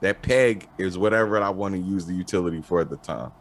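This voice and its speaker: A man talking as an interview guest in casual chat, laid-back and halting, swearing casually. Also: low-pitched, crowd noise. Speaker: interview guest, clothing designer.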